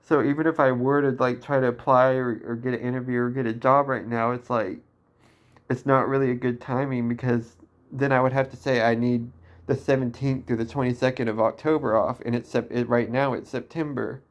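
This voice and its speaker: A vlogger in his twenties vents in a personal monologue, sounding downcast and emotionally distressed. His mid-range voice keeps a steady tone, but his speech halts often, full of restarts and fillers.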